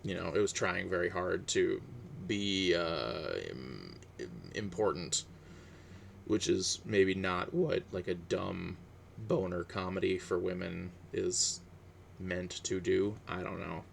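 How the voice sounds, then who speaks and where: A man with a low, slow voice and vocal fry chats on his own in a relaxed, chatty monologue, with slight background noise. He sounds hesitant, filling his talk with fillers and restarts.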